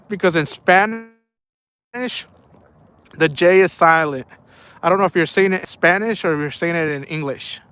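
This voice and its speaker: Casual young male streamer, playful, laughs a lot, unhurried delivery, smooth and clear. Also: on the high side, a bit bright. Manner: playful, laughs often, reads chat aloud. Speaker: fishing live-streamer. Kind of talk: casual live-stream chat. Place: outdoors at night by the water.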